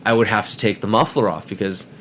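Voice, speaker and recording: A man's voice: lowish voice, fairly even intonation, fast talker, fairly bright tone, slight background noise. A man telling a story casually on a podcast, rambling and repeating words as he goes.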